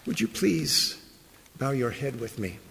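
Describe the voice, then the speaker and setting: A man's voice: mid-range voice, sing-song, unhurried, vocal fry, a bit bright, a little hiss or hum. A man preaching a sermon as pastor, reading scripture, praying and then asking his congregation rhetorical questions. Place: church sanctuary. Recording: long church reverb.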